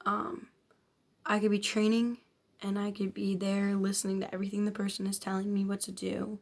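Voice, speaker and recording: A woman's voice: medium pitch, little pitch movement, a little fast, creaky, darkish tone. A young woman vlogging a frank personal confession, rambling with constant filler words and casual swearing. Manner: frank, self-questioning, occasional nervous laughs.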